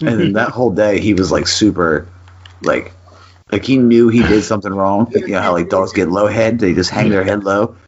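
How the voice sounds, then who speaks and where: Deep-voiced man telling a story. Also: normal speed. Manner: animated storyteller, swears, acts out voices in quotes. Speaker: podcast co-host. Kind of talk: casual storytelling chat. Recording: dull lo-fi podcast audio.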